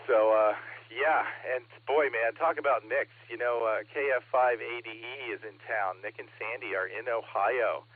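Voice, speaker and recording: A man's voice: medium pitch, normal speed, few pauses, dry recording. Chatty man on a ham radio net. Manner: chatty, laughs often, reads call signs. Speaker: net control operator. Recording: radio transmission, narrow band.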